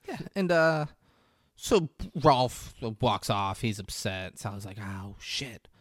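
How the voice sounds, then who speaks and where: A man's voice: lowish voice, sing-song, slow, no room sound, clean studio sound. A man in a casual podcast chat, retelling a movie's scenes and quoting the characters' lines, often laughing. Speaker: podcast co-host recapping a film.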